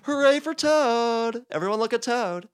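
A man voicing a vain male toad who shouts and brags in a high voice. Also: moderate pace, close to an everyday voice. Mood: boastful. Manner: boastful, shouting.

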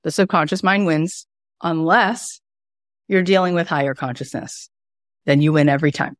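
A woman in her forties leading a spiritual self-help workshop, emphatic and animated, repeating words for effect. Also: low voice, normal speed, no room sound, studio quality. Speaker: workshop teacher.

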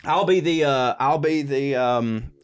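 A man's voice: mid-range voice, measured pace, slight background noise. A man co-hosting a comedy podcast, sweary and rambling in casual chat. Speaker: podcast co-host.

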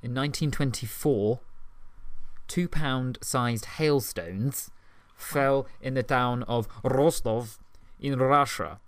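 A man co-hosting a casual podcast, chatty and quick to laugh, with the odd swear word. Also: medium pitch, no room sound. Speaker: podcast co-host. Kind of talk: casual chat.

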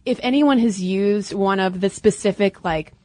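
A woman's voice: mid-range voice, normal speed, darkish tone, no room sound. A young adult woman co-hosting a podcast, chatting casually and playfully, often laughing. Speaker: podcast co-host. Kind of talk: casual chat.

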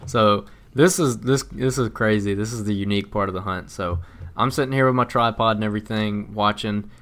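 A man co-hosting a podcast, telling a story in casual chat in a rambling, animated way with frequent laughs. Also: lowish voice, fairly quick. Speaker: podcast co-host.

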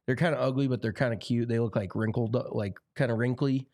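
A man's voice: medium pitch, steady tone, fast talker, darkish tone, dry recording. Chatty man, dry close sound. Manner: chatty, easygoing, filler-heavy. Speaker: podcast co-host. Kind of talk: casual chat.

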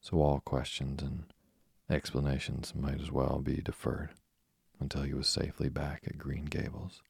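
A man reading a novel aloud as a measured audiobook narrator. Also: rumbling low, monotone, vocal fry, husky, dry recording, studio quality.

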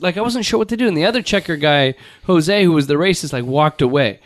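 A man's voice: fairly high pitch, animated, fast talker, no echo. A man telling a long rambling story in casual chat, with crude jokey humor.

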